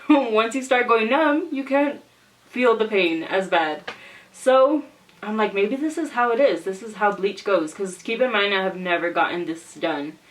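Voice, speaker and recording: A young woman telling a casual storytime vlog, animated and exclaiming as she acts out what people said. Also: medium pitch, unhurried, distant mic, rough recording.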